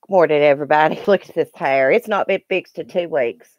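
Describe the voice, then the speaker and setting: A woman's voice: low-pitched, brisk, no echo, dull audio. A middle-aged woman, chatting emotionally and ramblingly to viewers in a morning live stream, recorded on her phone.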